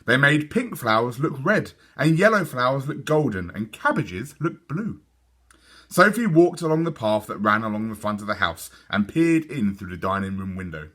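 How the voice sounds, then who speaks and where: A man reading a children's book aloud as a storyteller. His voice is bright and lively, rising and falling a lot to keep young listeners hooked. He sits at a plain middle pitch. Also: moderate pace. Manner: lively and expressive. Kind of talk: children's read-aloud narration.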